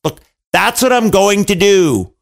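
A man's voice: high-pitched, very animated, measured pace, gravelly, voice pushed up, heavily acted. A man voicing a wailing, yelping storybook king. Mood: exasperated. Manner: wailing, yelping in pain, dramatic. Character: greedy king in pain and despair, adult man.

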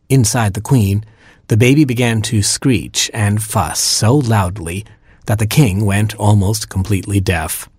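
Husky man reading a storybook. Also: on the low side, measured pace, dry recording, studio quality. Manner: wry, deadpan storytelling. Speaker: narrator.

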